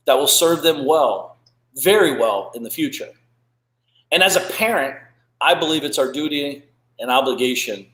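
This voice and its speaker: A man's voice: medium pitch, sharp tone. Blunt, swearing man in an echoey room. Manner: blunt, preachy, swears freely. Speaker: podcast host. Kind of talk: blunt motivational talk.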